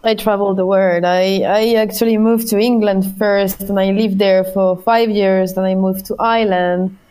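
Woman, French accent, native French speaker, playful, laughs easily, middle pitch. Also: fairly even intonation, moderate pace, warm tone, clean tone, poor audio. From France. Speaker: podcast guest. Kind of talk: casual chat.

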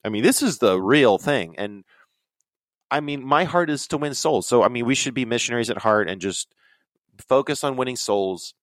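A man in loose, rambling conversation, spinning stories with lots of energy and putting on quick voices for the people he quotes. His pitch sits in an ordinary middle range. The recording is close and dry, with no room sound. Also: animated, no echo. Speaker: podcast guest. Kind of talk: casual storytelling.

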